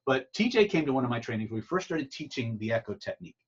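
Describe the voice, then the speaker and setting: A man teaching communication skills in an animated storytelling way, restarting phrases often, over a video call. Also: medium pitch, fast talker, far from the mic, a little hiss or hum. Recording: dull lo-fi sound.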